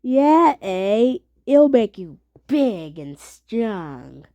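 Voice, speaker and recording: A woman's voice: on the high side, sing-song, drawn-out words, dark tone, dry recording, muffled recording, voice pushed down, heavily acted. A woman voicing a kind young friend who coaxes a sick child to eat apples, in a toy play story. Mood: coaxing. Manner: coaxing, encouraging.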